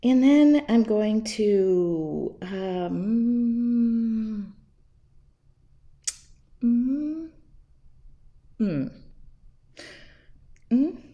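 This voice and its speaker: A woman's voice: on the high side, expressive, very slow, long pauses, mellow, dull audio. A woman teaching a live painting demo from her home studio, chatty and self-mocking, laughing at herself as she works. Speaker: art teacher.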